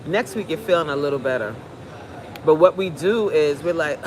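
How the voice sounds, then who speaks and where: A woman's voice: deep voice, measured pace, slight background noise. A fitness coach, a woman, giving a blunt, preachy, joking pep talk on a live stream.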